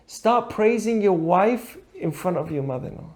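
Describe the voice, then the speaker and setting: A man's voice: fairly high pitch, moderate pace, a little mellow. A man teaching a conversational ethics lesson, asking rhetorical questions and acting out quoted dialogue. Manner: acts out dialogue in quoted voices; asks the audience rhetorical questions. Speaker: Torah teacher.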